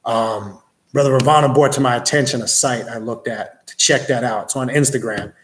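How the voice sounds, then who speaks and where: A man's voice: mid-range voice, normal speed, reverberant. A man hosting a livestream, reading out and answering viewers' questions in a blunt, casual, profane way and telling stories with plenty of energy. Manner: blunt, profane, animated storytelling.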